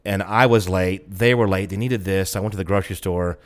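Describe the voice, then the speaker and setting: Deep-voiced man telling rambling stories. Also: steady tone, fairly quick. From Georgia, US. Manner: rambling anecdotes with filler words. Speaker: podcast co-host. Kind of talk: casual storytelling chat.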